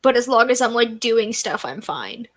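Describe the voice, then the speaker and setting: A young woman joins a friend's stream and chats openly, teasing and laughing easily. Her voice sits a little above average in pitch, light and easy. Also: very animated, normal speed. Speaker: guest co-streamer. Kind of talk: casual chat.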